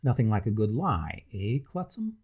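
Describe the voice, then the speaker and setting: A man voicing a tipsy, pompous middle-aged gentleman who speaks with exaggerated, ponderous civility in a gravelly, husky voice. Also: on the low side, sing-song, moderate pace, heavily acted. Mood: drowsy contentment. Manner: overly civil, ponderous, slightly drunk.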